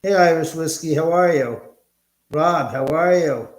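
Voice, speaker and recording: A man's voice: on the high side, unhurried, reverberant. A man hosting a casual live stream from his home, rambling and greeting viewers by name. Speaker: livestream host. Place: room at home.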